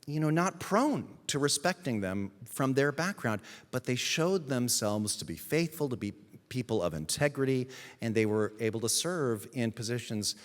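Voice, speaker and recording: A man, the pastor, giving a sermon in an emphatic storytelling manner with dramatic pauses. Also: mid-range voice, lively intonation, in a large hall. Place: church sanctuary.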